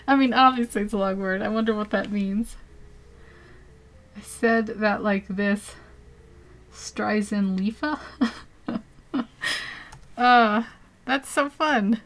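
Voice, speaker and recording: A chatty American woman talks to her live-stream viewers while she works on a drawing. She giggles often between phrases and pokes fun at herself. Her pitch sits in the middle range for a woman. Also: slow, long pauses, fairly bright tone. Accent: General American. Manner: chatty, self-deprecating, reads and answers chat.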